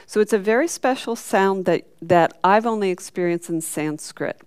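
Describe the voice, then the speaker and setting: A woman's voice: medium pitch, normal speed, a little mellow, smooth, dry recording, clean studio sound. A woman teaching a chanting class, patiently explaining marks and singing syllables for the group to repeat. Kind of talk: chanting lesson.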